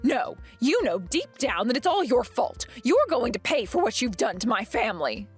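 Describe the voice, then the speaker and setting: A woman's voice: a little high, sing-song, moderate pace, soft background music. Woman playing a possessive, self-righteous mother-in-law. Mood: bullying. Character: domineering, possessive middle-aged mother-in-law. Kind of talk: dramatized text-message story.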